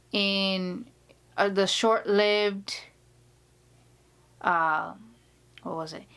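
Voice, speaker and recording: A woman's voice: medium pitch, a bit bright, smooth. A woman vlogger chatting casually indoors, telling a story with laughs and many restarts. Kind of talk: casual chat. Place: indoor room.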